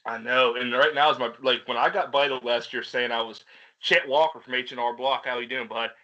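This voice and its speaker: A man's voice: medium pitch, fairly even intonation, brisk, pushed and bright, muffled recording. A young man, co-hosting a podcast and telling rambling, profane stories while laughing at himself. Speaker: podcast co-host. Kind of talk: casual storytelling chat.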